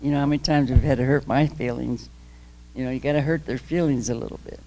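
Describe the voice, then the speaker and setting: Gravelly older woman, emphatic speaker. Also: a bass voice, fairly even intonation, quick pace, warm tone, a little hiss or hum. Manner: emphatic, impassioned, laughs between points; rambling with restarts. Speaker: guest speaker. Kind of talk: public talk, candid personal story.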